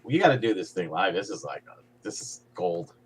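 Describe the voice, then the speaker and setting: A man's voice: low-pitched, very animated, fairly quick, breathy edge. A man joining a casual hobby livestream as a guest, making dry, offhand jokes.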